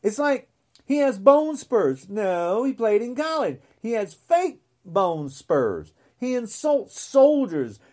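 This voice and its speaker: A woman's voice: fairly high pitch, very animated, slow pace, a little mellow. A woman in her sixties hosting her own podcast, ranting in a mocking, scornful way. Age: 60s. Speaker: podcast host. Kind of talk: ranting solo podcast monologue.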